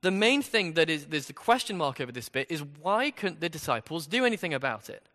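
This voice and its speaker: A man preaches through a passage in an easy, conversational sermon, tossing out rhetorical questions as he goes. His voice is bright and forceful and sits a little high. A long reverb trails behind him. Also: sing-song, fairly quick.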